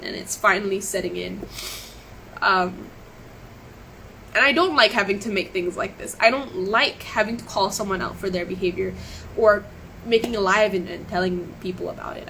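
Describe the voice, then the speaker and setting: On a live stream, a woman tells her story in a medium-pitched, bright, forceful voice at a moderate pace. She sounds shaken and near tears, rambling, apologizing and starting her sentences over. The audio is poor, with slight background noise.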